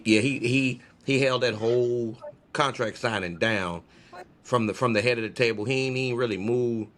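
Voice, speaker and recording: A man co-hosting a podcast in casual chat, animated and rambling, often breaking into laughter. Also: mid-range voice, slight background noise. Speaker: podcast co-host.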